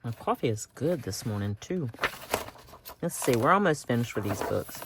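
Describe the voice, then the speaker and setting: A woman's voice: very deep voice, lively intonation, normal speed, a little hiss or hum. A woman hosting a craft video, chatting casually and thinking aloud as she cuts out pictures.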